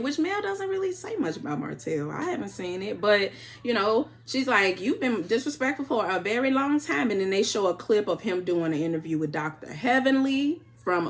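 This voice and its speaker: A woman from Chicago giving a casual, animated reality-show recap, acting out what people said. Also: mid-range voice, normal speed. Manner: animated retelling, acting out quotes with laughs.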